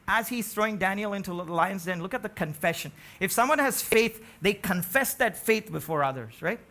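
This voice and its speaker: High, bright-voiced preacher man. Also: animated, normal speed, few pauses. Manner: emphatic, rising to near-shouts on key phrases, asks the congregation questions. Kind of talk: sermon.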